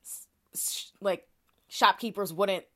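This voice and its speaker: A woman's voice: mid-range voice, slow, fairly bright tone. Chatty woman podcast co-host. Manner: chatty, many fillers and restarts, explains a case step by step. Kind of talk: casual conversational explaining.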